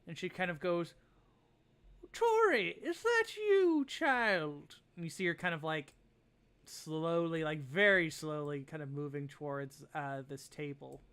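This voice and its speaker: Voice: mid-range voice, flat delivery, moderate pace, pushed and bright, clear, resonant tone. A game master narrating a tabletop game in a hesitant way, leaning on fillers while setting scenes. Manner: hesitant, full of fillers like "kind of".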